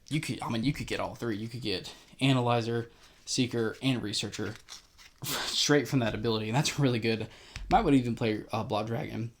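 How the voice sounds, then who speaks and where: A man casually explaining a card game deck, rambling and correcting himself, with frequent small chuckles. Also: mid-range voice. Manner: rambling, self-correcting, chuckles between points.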